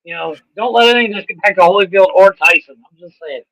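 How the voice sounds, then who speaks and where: Male podcast co-host, high and bright voice, laughing, joking banter. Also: fast talker, low-quality recording.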